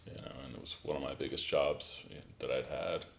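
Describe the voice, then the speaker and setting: A man who works as an actor, talking casually as a guest in a relaxed way, with many filler phrases. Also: a bass voice, brisk, gravelly, slight background noise. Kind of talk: casual interview chat.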